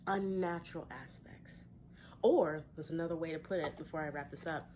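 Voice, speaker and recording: A woman with a fairly low voice speaks reflectively and encouragingly as a tarot reader, pausing to sigh or laugh softly. A faint hum of ambience sits behind her. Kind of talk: casual spiritual talk to viewers. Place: her home.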